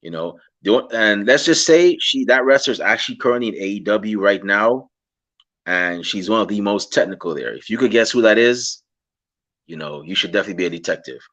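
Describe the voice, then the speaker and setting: A man with a Guyanese accent hosting a casual interview over a video call, talking in an animated way. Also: fairly low pitch, fairly quick. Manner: animated, impersonates fans excitedly. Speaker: podcast host.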